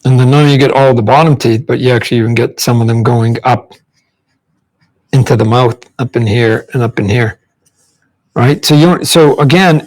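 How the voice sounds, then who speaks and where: A man's voice: medium pitch, rough recording. A man, a comic book artist, giving a casual drawing demonstration while he sketches, rambling and repeating words as he thinks aloud. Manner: demonstrates mouth sounds and faces.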